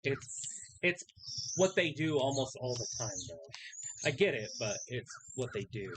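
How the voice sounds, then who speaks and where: A woman's voice: extremely low pitch, a little slow, noisy background. A woman co-hosting a casual live watch-along stream, joking and commenting as the show plays. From Idaho, USA. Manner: lively, joking commentary with frequent laughs. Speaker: co-host.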